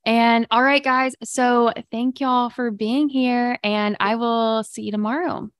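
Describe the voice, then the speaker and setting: A woman hosts a live morning stream, chatting upbeat and loose with her viewers, full of fillers. Her voice is smooth and clear. The sound is dry and close to the mic. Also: a little high, fairly even intonation, slow pace, no room sound. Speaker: livestream podcast host. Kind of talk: casual live chat with viewers.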